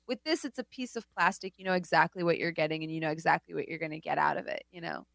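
A woman's voice: low-pitched, fast talker, vocal fry, fairly bright tone, no echo. A woman co-hosting a podcast in casual chat, talking chattily with many filler words. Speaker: podcast co-host.

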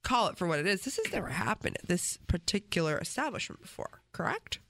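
A woman's voice: lowish voice, sing-song, fast talker, fairly bright tone, dry recording. A woman in casual chat, reacting and chiming in with short quips.

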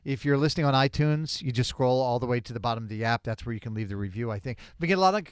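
A man's voice: medium pitch, rapid-fire, clear, resonant tone, no echo. A man hosting a casual podcast chat, explaining things at length into a studio mic. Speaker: podcast host.

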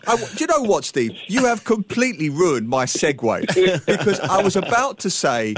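A man's voice: sits high, very animated, moderate pace, hardly any pauses. A man in his forties co-hosting a casual chat, playful and teasing. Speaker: co-host.

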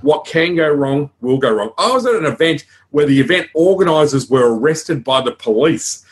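A man with an Australian accent gives a conference talk on public speaking, frank and energetic, full of asides and stories. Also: a little high, moderate pace.

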